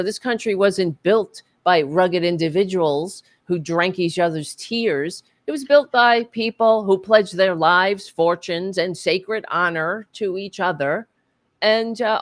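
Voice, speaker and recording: A woman's voice: lowish voice, expressive, measured pace, dry recording. A woman co-hosting a political talk podcast, speaking in an impassioned, profane, rambling way with many fillers. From United States. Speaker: podcast co-host.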